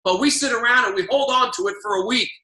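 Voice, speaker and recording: A man's voice: extremely high pitch, fast, pushed and bright, reverberant. A man coaching on a call, emphatic and preachy, driving his points home by repeating key lines. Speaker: network marketing coach.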